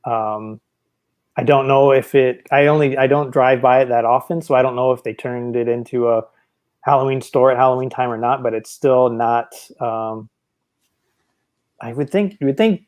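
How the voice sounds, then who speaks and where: A man's voice: medium pitch, moderate pace, darkish tone. Rambling man on a live stream. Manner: rambling, hesitant, reads chat comments aloud. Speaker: host. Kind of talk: casual live stream chat. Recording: choppy home Wi-Fi video call.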